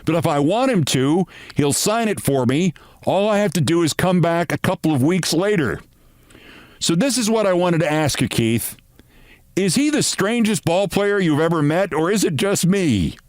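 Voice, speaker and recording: A man's voice: on the high side, dry recording. Guy telling a story, bounces into other people's voices, dry close sound. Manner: animated, acts out quoted people. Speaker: host. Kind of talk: storytelling monologue.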